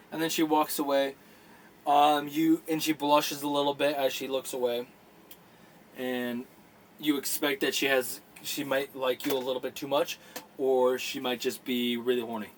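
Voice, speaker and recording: Man, dungeon master, casual narration, halting, many fillers. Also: medium pitch, little pitch movement, a little hiss or hum. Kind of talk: narrating a tabletop game.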